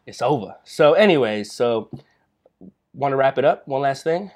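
A man's voice: mid-range voice, lively intonation, moderate pace, a little mellow. A young man co-hosting a casual podcast, telling stories loosely and swearing freely. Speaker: podcast co-host.

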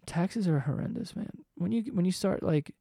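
Male vlogger, 20s, slightly high voice, profane rambling rant. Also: moderate pace, gravelly, mellow, no echo, clean studio sound. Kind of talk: casual rant to camera. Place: home room below living room.

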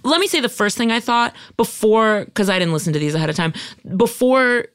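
An American woman co-hosting a casual podcast, playful and inquisitive, tossing in quick asides and questions to her guests. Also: a little high, animated, fairly bright tone, smooth, dry recording, clean studio sound. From United States. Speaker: co-host. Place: podcast studio.

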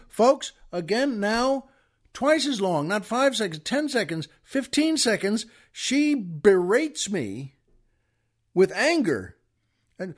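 A high-voiced man hosts his own show and tells a comic story. He delivers it with animated energy, stammering and acting out the outbursts for laughs. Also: moderate pace. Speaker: podcast host.

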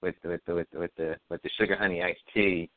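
A man's voice: sits low, steady tone, a little fast. A man co-hosting a podcast in casual chat, mostly agreeing with short replies. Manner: agreeing, brief backchannel replies. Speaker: podcast co-host. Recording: tinny phone-like lo-fi audio, dry.

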